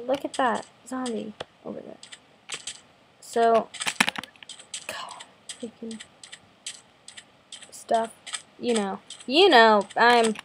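There's background noise as a young woman with a fairly high voice offers casual commentary on her gameplay. Recording in her bedroom as a gaming video host, she has a slight cold cough and chats jumpily, often poking fun at herself.

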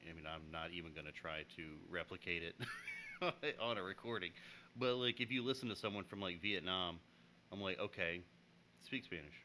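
A man from the United States co-hosting a podcast, talking in an animated, laughing way and often acting out the people in his stories. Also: low-pitched, a little hiss or hum. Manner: animated, laughing, acts out customers in voices. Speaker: podcast co-host. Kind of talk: casual chat.

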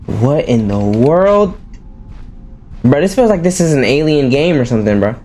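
A man's voice: mid-range voice, very animated, moderate pace, warm tone. A man who is a gaming YouTuber gives jumpy, exclaiming commentary full of casual slang while playing a horror game.

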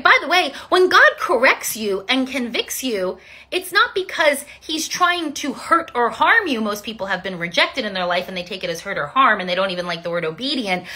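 Young woman preaching casually, high bright voice, repeats stuff for emphasis. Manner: emphatic and repetitive, declaring phrases again and again. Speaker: Christian teacher. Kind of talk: informal devotional teaching.

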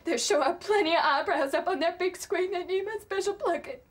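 A woman's voice: extremely high pitch, fairly quick. An actress playing a young pageant contestant who pleads in a girlish, whiny way about her dreams. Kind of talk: TV comedy acting.

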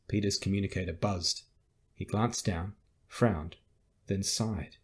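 A man narrating a science fiction audiobook in a measured, steady read. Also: deep voice, husky. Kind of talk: scripted narration.

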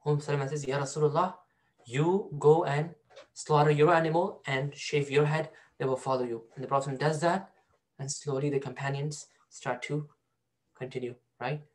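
A man's voice: fairly high pitch, fairly even intonation, moderate pace. A male teacher giving a storytelling Quran lesson to a class, often asking students questions. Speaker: Islamic studies teacher.

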